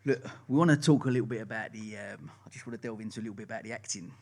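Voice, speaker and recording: A man's voice: fairly low pitch, racing, darkish tone. A man from Essex with an Essex accent, hosting a live podcast and asking loose, rambling questions. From England, Essex. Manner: loose, rambling questions with fillers, laughs easily. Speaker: podcast host. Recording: faint background ambience.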